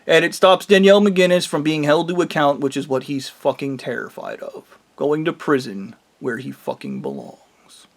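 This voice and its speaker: A man's voice: a little high, animated, moderate pace. A man giving an angry, profane monologue to his viewers. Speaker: vlogger.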